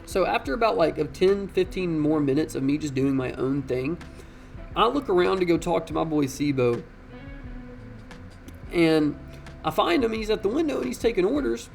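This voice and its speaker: A young man telling a casual, slangy story in an animated way, swearing freely. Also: on the high side, moderate pace, gravelly, soft background music.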